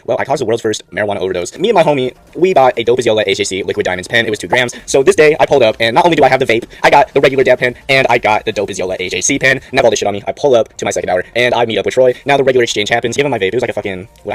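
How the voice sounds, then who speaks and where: Young adult male storyteller, very quick, loose slangy profane delivery, mid pitch. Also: expressive, dry recording. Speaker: storytime vlogger. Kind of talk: casual storytelling.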